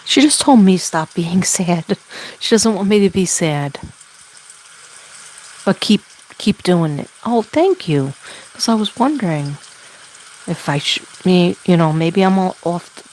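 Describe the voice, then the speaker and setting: Lady psychic medium relaying spirit messages, kinda low voice, lots of ums and restarts, faint noise behind. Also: lively intonation, creaky, darkish tone, poor audio. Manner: halting, relays messages with many fillers. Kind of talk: spoken spirit reading.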